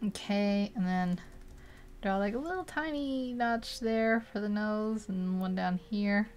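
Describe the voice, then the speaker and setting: A woman's voice: medium pitch, measured pace, a little mellow, soft background music. A young woman casually narrating as she paints a digital portrait, chatty and rambling, laughing often between thoughts. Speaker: digital art streamer.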